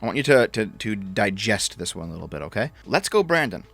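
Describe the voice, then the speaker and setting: A man's voice: on the low side, very animated, a little fast, vocal fry, a bit bright, faint music behind. A man ranting as a political commentator, sarcastic and mocking, with frequent swearing.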